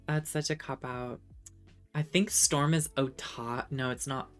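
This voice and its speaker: A woman's voice: rumbling low, steady tone, slow pace, long pauses, faint music behind. A woman streamer in casual chat, reading viewer comments aloud, laughing often and trying out rusty French.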